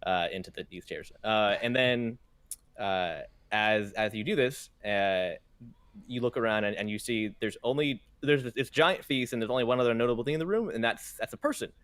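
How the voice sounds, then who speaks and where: A young man narrates as game master in a tabletop game, rambling and restarting his sentences as he goes. His voice is mid-pitched. The recording is dry and close. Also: moderate pace, fairly bright tone, no room sound. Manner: rambling, full of fillers and restarts, laughs at himself.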